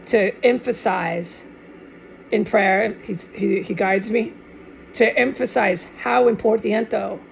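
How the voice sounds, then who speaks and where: Gravelly-voiced woman in a rambling monologue. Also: mid-range voice, darkish tone, low-quality recording. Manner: rambling, restarts often, drops in Spanish words; fervent and insistent. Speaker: online video maker.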